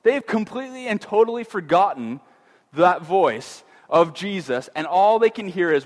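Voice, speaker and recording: A man's voice: lively intonation, moderate pace. A middle-aged man giving a casual Bible teaching, chatty, with frequent fillers and restarts. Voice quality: conversational, many fillers and restarts. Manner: acts out voices of fear with rising pitch. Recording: long hall reverb.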